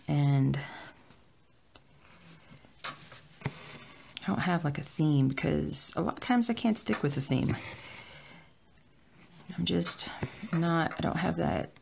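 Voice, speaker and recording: Cross-stitch vlogger, casual and rambling, heavy vocal fry, mid pitch, at home. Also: slight background noise. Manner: rambling, with filler words. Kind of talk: casual chat while stitching.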